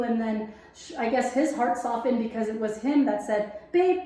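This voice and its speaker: A fairly high-voiced young woman talks in a loose, animated way and slips into her own past thoughts as she tells her story. She is recorded in a room with strong echo. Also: fairly quick, few pauses. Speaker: guest sharing faith testimony. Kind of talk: casual interview chat. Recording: very echoey room.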